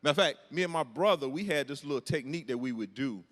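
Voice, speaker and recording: A man's voice: medium pitch, fast. A middle-aged man, doing a self-deprecating stand-up comedy set in a large church hall. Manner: storytelling, animated, self-deprecating. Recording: hall reverb from a large venue.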